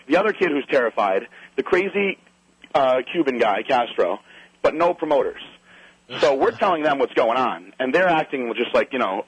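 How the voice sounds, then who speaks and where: A man's voice: medium pitch, husky, no echo, poor audio. A man in a casual chat, telling a long story as a guest and animatedly acting out what other people said.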